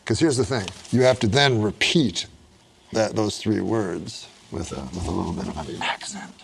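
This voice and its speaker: A man's voice: lowish voice, lively intonation, moderate pace, vocal fry, a little hiss or hum. A man hosting a talk show, bantering with guests and laughing as he hands them jokes to read. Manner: giggly, reads jokes to guests.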